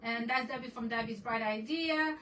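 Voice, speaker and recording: A bright, sharp-toned woman chats excitedly through a home crafting livestream, mixing English and Spanish as she greets viewers. Her voice sits a little high and comes from a bit away from the mic, with faint noise in the room behind her. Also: normal speed, recorded from a distance, low-quality recording. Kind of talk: casual livestream chat.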